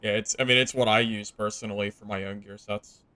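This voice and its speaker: A young man streaming a video game, chatting casually to viewers, jumping from excited outbursts to low, deflated grumbling. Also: a little fast. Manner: swings from excited yelling to mumbled, deflated grumbling. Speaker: gaming streamer. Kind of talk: casual gameplay commentary.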